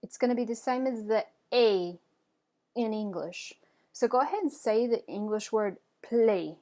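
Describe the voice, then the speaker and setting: A woman's voice: on the high side, lively intonation, unhurried, mellow. Encouraging woman teaching French pronunciation. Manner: clear, encouraging, has learners repeat after her. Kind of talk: pronunciation lesson.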